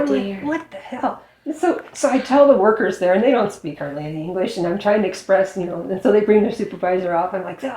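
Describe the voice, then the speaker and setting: A woman who is a former highway patrol officer, frankly telling her personal story as an interview guest and acting out the dialogue she quotes. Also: reverberant, poor audio. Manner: frank, acts out quoted dialogue with lively shifts.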